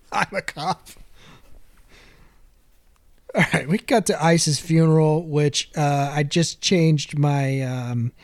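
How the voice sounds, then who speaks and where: A laid-back man talks through a movie scene by scene on a casual podcast, dropping jokey asides as he goes. His voice sits at an ordinary middle pitch. The sound is dry and close, with no room around it. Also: no echo. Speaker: podcast host.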